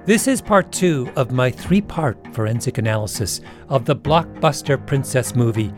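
A man's voice: medium pitch, lively intonation, normal speed, a little mellow, soft background music. A man hosting a podcast in wry, emphatic scripted narration. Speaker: podcast host.

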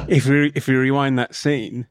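A man chatting loosely on a podcast, tripping over repeated words as he rants about a film. His voice sits at a middling pitch and sounds close and dry, with almost no room around it. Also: smooth, dry recording. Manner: stammering, repeats words, swears, laughs often. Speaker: podcast co-host. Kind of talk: casual film review chat.

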